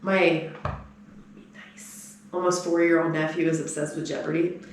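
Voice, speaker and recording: Animated woman telling stories in a roomy space. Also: a little slow, a little hiss or hum. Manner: animated storyteller, mimics people in higher voices. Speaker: podcast co-host. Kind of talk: casual chat.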